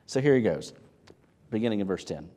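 A man preaching a sermon as pastor, animated, asking rhetorical questions and repeating words as he builds his point. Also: fairly low pitch, a little fast.

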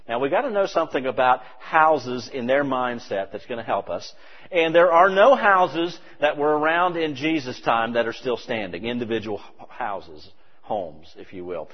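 A man preaching a sermon, animated and emphatic with conversational asides. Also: mid-range voice, slightly rough. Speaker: pastor. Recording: dull, reverberant hall recording.

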